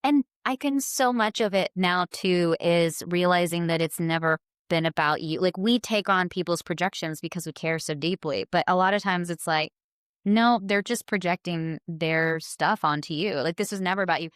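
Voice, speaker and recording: A woman chatting casually as a podcast guest, full of "like" fillers and lively acted-out quotes. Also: on the low side, normal speed, clean tone, dry recording, clean studio sound. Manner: chatty, filler-heavy, animated quoting. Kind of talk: casual chat.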